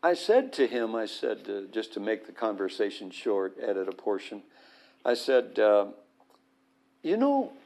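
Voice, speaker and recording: A man's voice: lowish voice, moderate pace, vocal fry. A man telling a story animatedly as a guest on a Christian talk show. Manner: animated anecdote, acts out the voices. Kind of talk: storytelling testimony.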